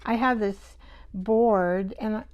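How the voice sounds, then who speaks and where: A woman hosting a live art show, chatting and thinking aloud as she works, with soft half-whispered asides. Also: mid-range voice, fairly even intonation, slow, smooth, muffled recording. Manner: chatty, rambling, talks to herself while working.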